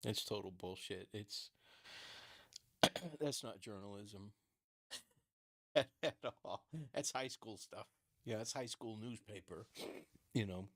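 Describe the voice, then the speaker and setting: A man's voice: fairly low pitch, a little slow, long pauses, fairly bright tone. A man talking through a true-crime case in casual solo commentary, rambling with many fillers and restarts, laughing often and swearing bluntly.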